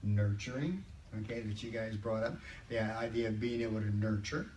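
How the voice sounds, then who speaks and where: An older man leading a Bible study group, chatting conversationally and slowing down to read scripture. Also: lowish voice, darkish tone. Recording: roomy, distant mic, faint background noise.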